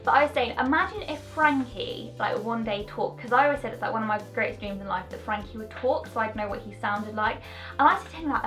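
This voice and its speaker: A young woman with a fairly high voice rambles cheerfully through a casual beauty review. Her delivery is bubbly and easily sidetracked. Faint music plays quietly in the background. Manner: chatty, bubbly, goes off on tangents. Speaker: beauty vlogger. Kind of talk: casual product review chat.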